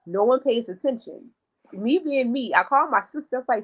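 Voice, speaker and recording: A woman co-hosting a podcast tells a story in relaxed conversation, her voice on the high side at a moderate pace. She's animated and performs the quoted lines of the people involved.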